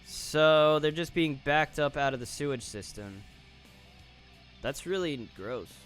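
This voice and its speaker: A man's voice: fairly high pitch, expressive, slow, fairly bright tone, clear, resonant tone. A man streaming, reading online posts aloud and reacting with casual, offhand commentary. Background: faint guitar music.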